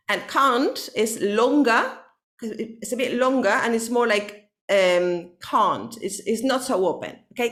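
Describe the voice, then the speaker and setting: Spanish-speaking woman teaching english one on one, explains patiently, keeps asking okay?, drops into spanish now and then. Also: a little high. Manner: frequent checking "okay?". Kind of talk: online one-to-one English lesson.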